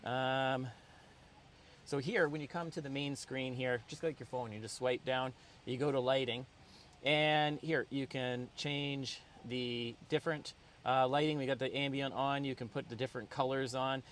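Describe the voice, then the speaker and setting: Middle-aged male car reviewer, in-car, casual and upbeat with filler, average pitch, faint road noise. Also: steady tone, moderate pace, fairly bright tone. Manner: chatty, upbeat, lots of ums and asides. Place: inside a car, driving.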